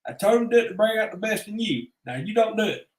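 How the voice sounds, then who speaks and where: A man's voice: high-pitched, lively intonation, fast talker, voice pushed up. A man voicing a blunt, bossy middle-aged male football coach, recorded in an echoey room. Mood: stern.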